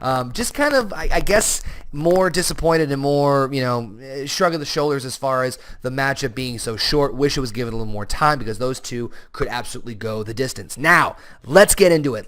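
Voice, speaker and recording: A young man giving a casual solo review of a wrestling show, animated and full of restarts and asides. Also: mid-range voice, fairly quick.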